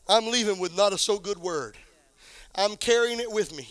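A man preaching a sermon as pastor, dropping to a low hush and then building up to shouted exclamations. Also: normal speed, no room sound. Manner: drops to a low hush for emphasis.

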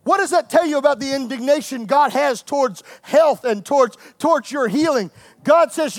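A man preaches to his congregation, his voice sitting strikingly high. He swings between playful asides and full-throated shouts of praise, teasing the crowd one moment and calling out scripture the next. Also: lively intonation, moderate pace, dry recording. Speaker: pastor. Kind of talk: sermon.

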